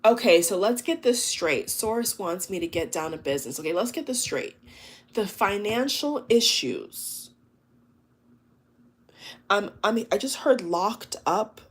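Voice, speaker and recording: A woman's voice: mid-range voice, lively intonation, unhurried, slightly rough. A woman giving a collective tarot reading to her viewers, talking in an emotive, chatty way, full of exclamations and fillers. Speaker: tarot reader.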